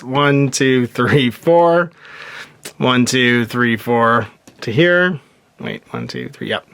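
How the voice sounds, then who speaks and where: Guy talking thru his board game turn, kinda high voice, lots of ups and downs, counting squares out loud. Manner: lively, counting moves aloud, chuckling to himself. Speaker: host playing a solo board game. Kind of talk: casual game commentary.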